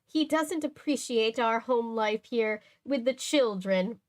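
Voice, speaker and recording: A woman's voice: a little high, slow pace. A woman reading aloud, voicing a stout, fussy society matron who is coy and impatient, in a raised, gushing tone.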